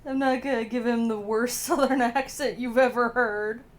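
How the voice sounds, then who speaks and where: A woman streamer with a slightly high, fairly even voice talks at a normal speed as she plays through a game, laughing a lot and swearing now and then. She coughs a little, still recovering from being sick.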